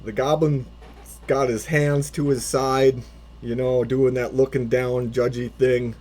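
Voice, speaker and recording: A man's voice: mid-range voice, level tone, unhurried, a little mellow. A man running a tabletop game as a first-time dungeon master, improvising and narrating with lots of swearing and restarts. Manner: rambling, swearing, frequent restarts.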